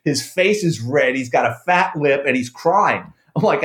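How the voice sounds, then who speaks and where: A middle-aged man, a former police officer and author, telling a profane, animated story in casual conversation. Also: mid-range voice, normal speed. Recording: roomy echo.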